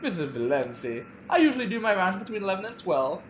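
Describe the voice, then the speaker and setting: A woman's voice: medium pitch, big pitch swings, fast talker, slight background noise, voice pushed up, lightly acted. Casting: woman playing a formal, polite male steward, in a roomy room. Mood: courteous. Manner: courteous, formal. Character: polite male ship steward, courteous and flirtatious.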